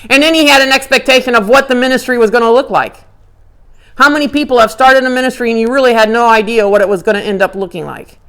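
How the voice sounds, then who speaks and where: A woman giving a conversational Bible lecture, animated and acting out characters' inner dialogue. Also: a little high, normal speed. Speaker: Bible teacher.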